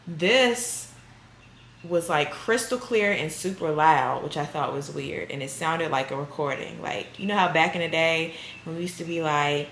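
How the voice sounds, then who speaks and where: Lower-voiced woman chatting in a roomy space. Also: moderate pace, a bit bright. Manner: amused, exasperated storytelling. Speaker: vlogger. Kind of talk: casual chatty vlog. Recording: roomy, faintly noisy room.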